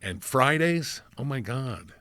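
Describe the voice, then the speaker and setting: A man with a New Jersey accent telling lively film-set stories in an interview, acting out what others said and swearing casually. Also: medium pitch, slow, no room sound. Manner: animated anecdotes, acts out quoted voices, swears casually. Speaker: film crew member, interview guest.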